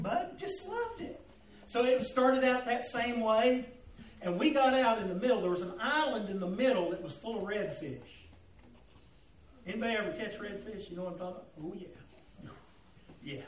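A man's voice: high voice, recorded from a distance, a little hiss or hum. A man preaching, telling a folksy, humorous story and calling on listeners by name. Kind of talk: storytelling sermon. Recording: echoey room, voice off-mic.

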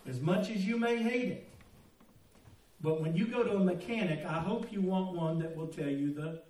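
A man's voice: sits high, moderate pace, a little mellow. Older man preaching in an echoey church. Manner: folksy, joking storyteller turning earnest. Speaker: pastor. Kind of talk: sermon. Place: church sanctuary. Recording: roomy echo, mic at a distance.

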